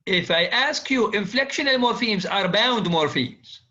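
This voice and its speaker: A man's voice: sits high, animated, unhurried, bright, forceful tone. A man lecturing on linguistics, repeating key phrases and quizzing his students. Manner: repetitive, drills students with quiz questions. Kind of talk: classroom lecture. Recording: dull lo-fi classroom recording.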